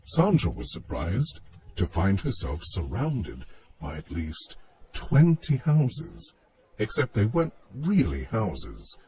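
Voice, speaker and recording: Brief: male storybook narrator, very deep, unhurried, animated pitch, soft music underneath. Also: a little hiss or hum. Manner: measured, expressive storytelling. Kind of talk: storybook reading.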